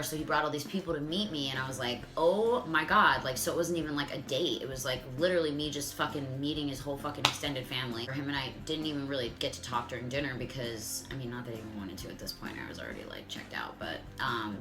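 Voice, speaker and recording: Profane, animated woman telling a story. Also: a bass voice. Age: 30s. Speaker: vlogger. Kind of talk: comedic storytime monologue.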